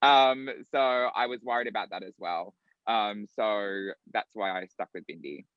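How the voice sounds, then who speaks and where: A man with an Australian accent, a drag performer talking as a guest in a casual interview, animated and quick to laugh. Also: fairly low pitch, clean tone, no room sound, highs cut off. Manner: animated, laughing, acts out quotes.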